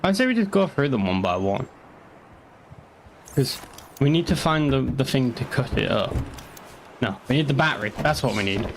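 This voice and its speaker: A man's voice: medium pitch, big pitch swings, moderate pace, long pauses, slight background noise. A young man with a northeast English accent chatting casually on a game stream, rambling, swearing and answering chat. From northeast England.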